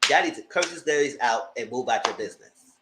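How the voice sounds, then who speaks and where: A man giving blunt, profane live commentary on reality TV episodes, acting out cast members' lines in high voices. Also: lively intonation, a little fast, echoey room, noisy background. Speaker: reality TV reviewer. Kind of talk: live casual recap commentary.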